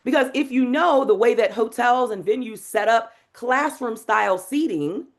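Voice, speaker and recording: A woman teaching a live online masterclass on public speaking, in an energetic, demonstrative way. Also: on the high side, normal speed. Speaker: speaking coach. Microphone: video call.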